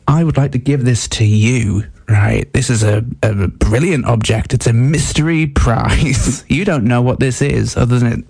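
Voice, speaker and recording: A man's voice: medium pitch, creaky, darkish tone. Young male radio host, mid-range voice, off-the-cuff self-mocking rambler. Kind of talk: improvised comic radio chat. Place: flat at home.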